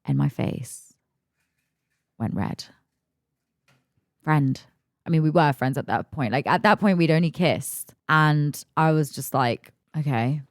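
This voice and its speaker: A young woman hosting a podcast, telling a story in a lively, emphatic rush and cursing freely. Her voice sits a little low for a woman. The sound is dry, with no room echo. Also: slow, long pauses. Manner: animated, emphatic, swears freely. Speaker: podcast host. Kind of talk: casual storytelling.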